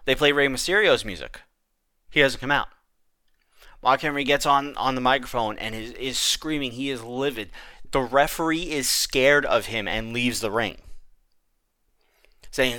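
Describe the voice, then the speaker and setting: A man co-hosting a podcast, telling a long story in a casual, animated way with frequent restarts. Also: mid-range voice, unhurried, pauses often, no room sound, studio quality. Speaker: podcast co-host.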